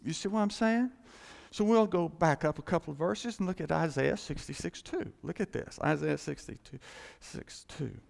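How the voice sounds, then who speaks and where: Gravelly-voiced man preaching in a reverberant church. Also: fairly high pitch, normal speed, darkish tone. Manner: conversational, chuckling, acting out little quoted exchanges. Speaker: pastor. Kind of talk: sermon. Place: church sanctuary. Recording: long hall reverb.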